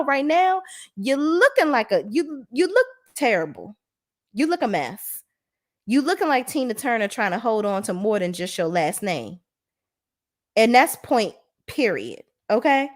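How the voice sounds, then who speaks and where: A woman in a casual video rant about a TV show, blunt and sassy with frequent swearing. Her voice sits fairly high and jumps all over the place, from loud high exclamations down to low asides. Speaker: reality TV reviewer.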